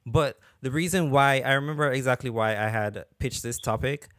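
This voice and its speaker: A man's voice: medium pitch, normal speed, a bit bright, dry recording. Male podcast host with a mid-range voice and a dry, close sound, telling a rambling anecdote. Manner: rambling storyteller, drifts off on tangents and comes back with "anywho". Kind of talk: casual podcast chat.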